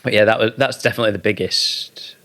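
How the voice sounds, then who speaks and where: A man's voice: fairly low pitch, steady tone, fast, sharp tone. A young man, a guest talking casually and hesitantly about clothes and modelling. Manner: laid-back, hesitant, lots of ums and likes. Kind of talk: casual interview chat.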